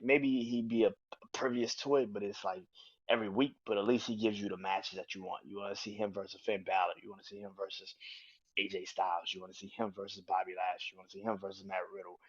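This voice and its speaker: A man hosting his own podcast, giving a casual, animated review that is full of swearing, with bursts of acted-out quotes. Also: on the low side, quick pace, husky, no echo, highs cut off. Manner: animated, swears freely, acts out quotes in raised voices. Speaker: podcast host. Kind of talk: casual solo wrestling review.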